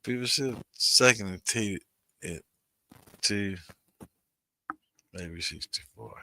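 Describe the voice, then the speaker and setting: Hosting a moonshine livestream, a man in his sixties with a deep, bright, forceful voice talks slowly, leaving long pauses as he rambles, cusses freely, and names his viewers. The recording is dry and close, without any room sound.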